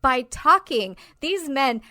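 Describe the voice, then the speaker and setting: A woman with a fairly high voice co-hosts a podcast, talking in an emphatic, animated way and swearing freely. The sound is dry and close. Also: slow, no echo. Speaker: podcast co-host. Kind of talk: casual chat.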